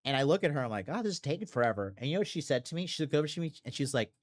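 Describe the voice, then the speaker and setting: A man's voice: fairly high pitch, expressive, rapid-fire. A man hosting a podcast in a blunt, profane, rambling monologue full of fillers and restarts. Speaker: podcast host. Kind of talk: casual monologue.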